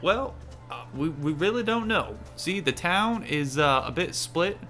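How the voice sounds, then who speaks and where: A hesitant, stammering small-town townsman who loves his beef, as a game master puts him on. His voice is pitched up and climbs higher whenever he grows earnest. Soft music plays faintly underneath. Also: animated, measured pace, full character voice. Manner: hesitant, stammering, folksy drawl.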